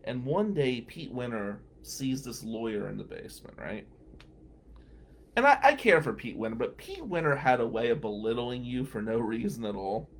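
A man in a mid-range voice spins a wry monologue with a sharp sense of the absurd. His pitch swings up and down as he builds each story. He sounds like a lawyer hosting his own podcast, unhurried and incredulous. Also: expressive.

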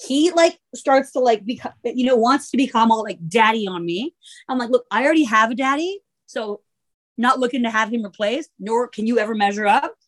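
A woman's voice: fairly high pitch, brisk, fairly bright tone. A woman co-hosting a podcast, telling a rambling, comic story in casual chat, full of "like" and swearing. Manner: profane, filler-heavy valley-girl talk. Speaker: podcast co-host.

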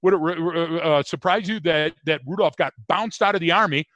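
A man with a fairly high voice co-hosts a conversational podcast, joking and rambling as he restarts his sentences. The sound is dry and close. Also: moderate pace, fairly bright tone, dry recording. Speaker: podcast co-host.

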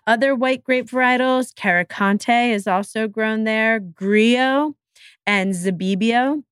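A woman's voice: on the low side, fairly bright tone, smooth, no echo, clean studio sound. A woman hosting a podcast, talking casually and with enthusiasm, with self-deprecating asides. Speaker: podcast host. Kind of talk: casual solo podcast talk.

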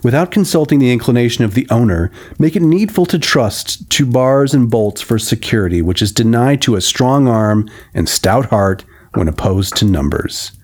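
A man's voice: mid-range voice, animated, normal speed, few pauses, a little mellow, natural voice. A man voicing a hospitable forest yeoman in a read-aloud story, speaking in an old-fashioned, hearty way. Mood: earnest.

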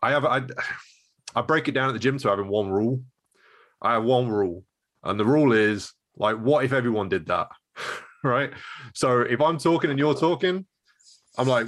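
A man's voice: mid-range voice, expressive, normal speed, long pauses, fairly bright tone. A man who runs a martial arts gym, thinking aloud in casual chat with many fillers and restarts. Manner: reflective, hesitant, many fillers.

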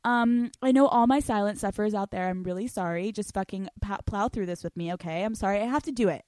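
A young woman hosts a podcast and talks brash and crude, laughing as she answers listener questions. Her voice sits at an ordinary middle pitch. The recording is dry and close, with no room sound. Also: quick pace, few pauses, no room sound. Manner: brash, profane and loud, with frequent laughter. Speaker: podcast host. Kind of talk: casual podcast monologue, reading listener questions.

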